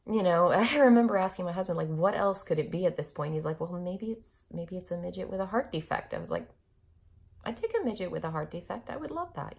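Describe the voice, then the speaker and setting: A young woman speaks to her camera with a low, gravelly voice, candid and openly emotional. She breaks into short nervous laughs and restarts her sentences often, like someone telling a hard story in her own words. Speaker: vlogger.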